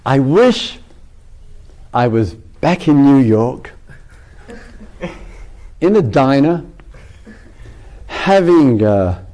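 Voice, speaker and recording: A man's voice: medium pitch, sing-song, very slow, pauses often, warm tone. A man voicing a shipwrecked man in a joke, drawing out a wistful wish. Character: castaway American man dreaming of food.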